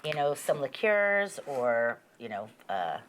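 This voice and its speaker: A woman's voice: a bass voice, very animated, slow, a little hiss or hum. A woman hosting a cooking show in a studio kitchen, talking with bubbly enthusiasm and laughing often. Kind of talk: lively cooking show banter.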